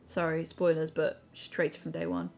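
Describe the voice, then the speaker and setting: A woman's voice: low voice, monotone, normal speed, gravelly, darkish tone. Bubbly woman streaming a game. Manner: bubbly, giggly, gushing. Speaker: streamer co-host. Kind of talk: casual chat while playing a video game.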